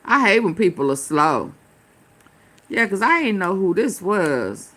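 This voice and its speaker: Woman streamer, casual reaction chat, slow drawl, bright highish voice. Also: big pitch swings. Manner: slow drawl full of fillers, talks back to clips.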